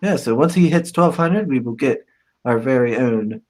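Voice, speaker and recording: A man's voice: mid-range voice, lively intonation, normal speed, darkish tone. A man hosting a casual livestream, chatting and reading out crowdfunding campaign updates. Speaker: host.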